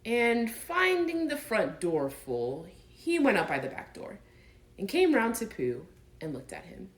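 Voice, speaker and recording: A woman narrating a classic children's storybook as an audiobook, reading gently and expressively. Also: a little high, wildly swooping pitch, measured pace, rough recording.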